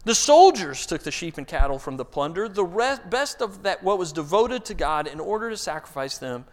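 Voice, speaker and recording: A man preaching a sermon, telling stories with lively emphasis and frequent word repeats. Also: moderate pace. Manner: animated storyteller, rises loud and high for emphasis, repeats words. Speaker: pastor.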